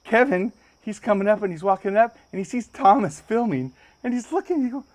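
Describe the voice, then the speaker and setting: A man hosting a podcast, telling a story with lots of energy and jumping up high when he acts out other people's lines. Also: lively intonation, fairly quick. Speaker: podcast host. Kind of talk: animated storytelling. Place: podcast studio.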